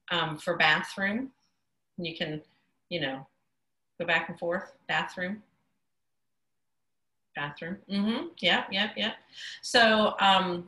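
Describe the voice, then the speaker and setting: A woman teaches sign language on a video call, casual and chatty, often stopping to correct herself. Her voice sits a little low but comes through bright and forceful. The room around her computer mic is noticeably echoey. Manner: chatty, self-correcting, says "y'all" and "yep" often. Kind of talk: casual online class teaching.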